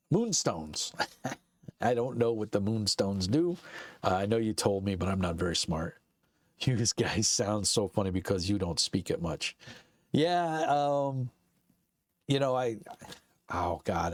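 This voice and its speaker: A man's voice: fairly low pitch, big pitch swings, a little slow, long pauses, dry recording. A middle-aged man with a Brooklyn accent, chatting casually and rambling on a live stream from his basement. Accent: Brooklyn New York. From Brooklyn, New York. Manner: rambling and chatty, lots of uh fillers and laughs. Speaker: streamer and channel host.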